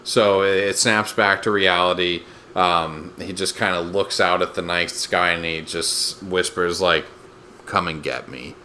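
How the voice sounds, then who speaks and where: A man's voice: deep voice, flat delivery, measured pace, hardly any pauses, bright, forceful tone, slight background noise. A man in his thirties co-hosting a podcast, recapping a TV episode in a laid-back, rambling way. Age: 30s. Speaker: podcast co-host. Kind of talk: casual chat recapping a TV episode.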